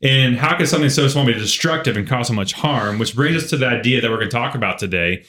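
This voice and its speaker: A man co-hosting a podcast, telling a story in an animated, casual way full of filler words. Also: mid-range voice, fast talker. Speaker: podcast co-host. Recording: roomy echo.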